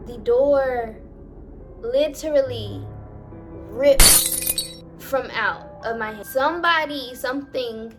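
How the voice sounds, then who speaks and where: A young woman vlogger narrating a personal paranormal story in a dramatic, animated way, talking straight to her viewers and swearing freely. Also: on the high side, a little slow, faint music behind.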